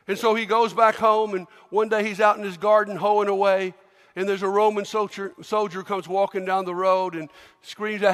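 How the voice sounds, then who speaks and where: A high-voiced pastor preaches with animated storytelling and acts out each scene. His voice fills a large church, with a long reverb trailing each phrase. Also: moderate pace. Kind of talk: sermon.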